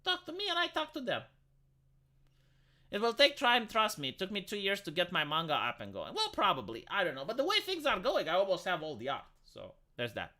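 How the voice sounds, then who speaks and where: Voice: mid-range voice, wildly swooping pitch, fast talker, hardly any pauses, bright, forceful tone. A live streamer ranting bluntly in casual chat, swearing often, cutting themselves off and repeating words. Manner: blunt, profane, rambling rant; self-interrupting, repeats words.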